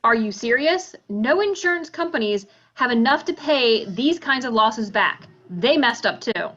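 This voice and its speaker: A woman's voice: on the high side, lively intonation, a little slow, fairly bright tone, dull audio. A woman reading the part of a smug banker who sells bonds, speaking in a breezy, dismissive way over a video call.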